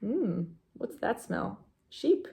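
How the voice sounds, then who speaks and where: A woman's voice: medium pitch, very animated, takes it slowly, vocal fry, warm tone. A young woman hosting a knitting vlog, chatting casually to camera in a rambling way, with many fillers and asides to her dog.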